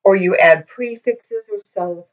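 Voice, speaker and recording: A woman teaching a language lesson in a patient, methodical way, pausing often with ums, recorded on a poor-quality microphone. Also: medium pitch. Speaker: Hebrew teacher. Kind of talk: slow explanatory lesson. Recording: dull lo-fi microphone.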